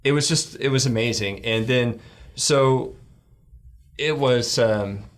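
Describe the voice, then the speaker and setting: A middle-aged man, a guest on a church talk show, telling a heartfelt story with many restarts, lifting his voice when he quotes people. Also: takes it slowly. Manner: rambling, heartfelt, acts out quoted lines in a higher voice.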